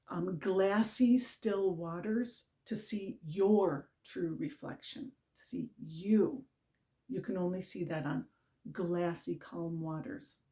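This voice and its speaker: A woman's voice: lowish voice, mellow. A middle-aged woman giving an earnest, casual spiritual talk as a mantra teacher, often checking in with "right?". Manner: earnest, repetitive, with frequent "right?" check-ins.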